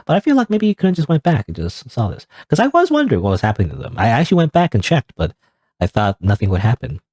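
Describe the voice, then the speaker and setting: A man's voice: medium pitch, wildly swooping pitch, fast, a little mellow, no room sound. A young man casually commenting while playing a game, musing aloud with restarts. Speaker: let's play gamer. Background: faint game synth music.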